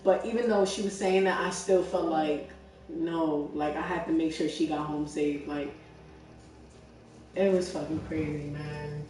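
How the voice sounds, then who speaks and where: A woman's voice: sits low, a little slow, soft background music. Young New woman telling a story casually. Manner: animated, profane, filler-heavy storytelling. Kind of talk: casual chat. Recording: echoey room, far from mic.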